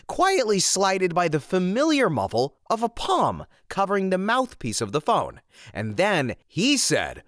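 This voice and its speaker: A man reading stories aloud with lively, expressive narration and his own comments between them. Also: high voice, unhurried, no room sound, studio quality. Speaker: story reader.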